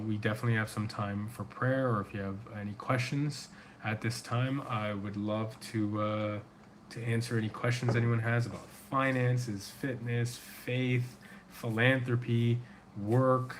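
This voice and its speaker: A man's voice: fairly low pitch, a little hiss or hum. A middle-aged man hosting a casual livestream, answering viewer questions in an earnest, rambling way with a sore throat. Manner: earnest, loose and rambling with many fillers. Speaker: men's coach and livestream host.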